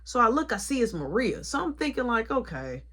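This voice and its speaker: A young woman store manager telling a story in an animated, colloquial way. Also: fairly high pitch, fairly quick, breathy edge. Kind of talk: casual storytime vlog.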